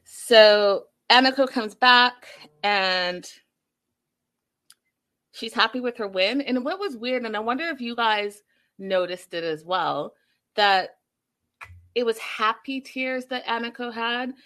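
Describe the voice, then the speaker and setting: Chatty lady in her 30s recapping a show for her viewers, talks right at them, voice kinda bright and punchy. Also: on the high side, a little slow. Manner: animated, talks straight to viewers.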